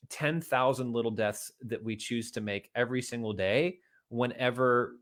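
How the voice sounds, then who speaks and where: Earnest man giving a motivational talk. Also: fairly low pitch. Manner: earnest, repeats himself, builds to emphatic outbursts. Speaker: motivational video host.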